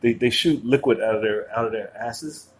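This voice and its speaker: A man's voice: mid-range voice, moderate pace. A man hosting a podcast, joking and laughing in casual banter. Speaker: podcast host.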